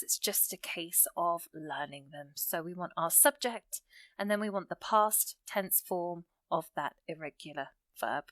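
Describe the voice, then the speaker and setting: A woman explaining English grammar in a calm, patient way, at an ordinary middle pitch. She slows down to read her example sentences and leans on the words that matter. The sound is close and dry. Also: dry recording. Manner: patient, reads example sentences slowly and stresses key words.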